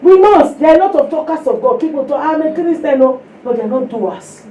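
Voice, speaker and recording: A Nigerian woman preaches a lively sermon in a high but mellow voice. She tells stories with sound effects and calls out to her listeners. The mic is far from her, so the room echoes and there is a faint hiss underneath. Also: a little fast, lo-fi sound. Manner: animated storytelling with sound effects and Yoruba phrases; exhorts listeners directly. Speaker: preacher at a women's fellowship.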